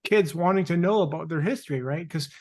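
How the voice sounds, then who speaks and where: A man hosting a talk show, speaking haltingly with many restarts. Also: a little high, a little mellow. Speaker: host. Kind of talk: casual chat.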